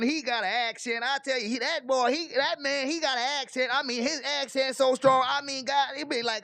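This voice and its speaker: A man hosting a casual reaction stream, chatty and excitable, reacting to trial footage. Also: very high voice, moderate pace, gravelly, hardly any pauses, dry recording. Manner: excitable, chatty, laughs often.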